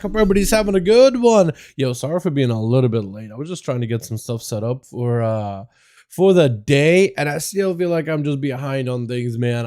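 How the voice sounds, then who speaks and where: A man's voice: fairly high pitch, darkish tone. A man from Russia with a slight Russian accent, chatting casually as a game streamer in a slangy, laid-back way. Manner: slangy and laid-back, greets chat with "yo" and "boys". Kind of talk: casual livestream chat. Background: faint music.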